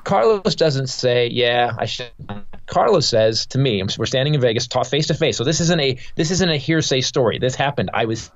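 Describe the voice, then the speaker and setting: A man's voice: medium pitch, expressive, normal speed. A male comedian, a guest on a podcast, telling a heated story with lots of cursing and stop-start restarts. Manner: profane, heated, rambling with many restarts. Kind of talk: casual podcast interview storytelling. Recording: dull, dry podcast audio.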